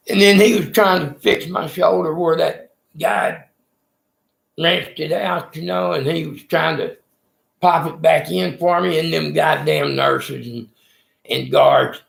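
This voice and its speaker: A man's voice: fairly high pitch, vocal fry, fairly bright tone, roomy sound. A man telling a rambling, profane story about his time in prison. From Texas.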